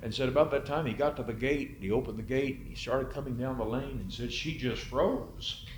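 A man's voice: mid-range voice, fairly quick. A man delivers a sermon with a storyteller's touch. His voice sits in a middle register and swells, then falls almost silent for effect. A light hiss runs under the recording. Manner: dramatic storyteller, swings between loud and hushed. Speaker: preacher.

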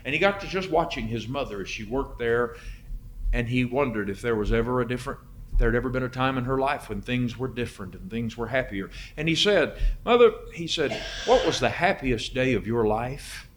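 A man preaching a sermon, telling a story in a dramatic way that swings between loud and hushed. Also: medium pitch, fairly quick, slight background noise.

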